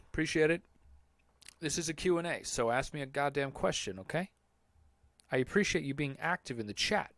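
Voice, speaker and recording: A man's voice: mid-range voice, fairly bright tone, dry recording. Rambling, cursing podcast guy. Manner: rambling, profane, joking. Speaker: podcast host answering chat questions. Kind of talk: casual live Q&A.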